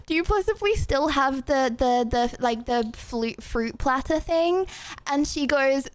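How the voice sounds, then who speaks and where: A woman's voice: high-pitched, normal speed. A young woman streaming in casual chat, rambling and chatty with lots of filler words.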